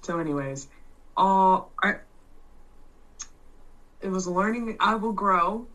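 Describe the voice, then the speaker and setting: A woman in casual chat, loud and blunt, swearing freely and restarting her sentences as she tells a story. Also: medium pitch, animated, slow pace, recorded from a distance, muffled recording.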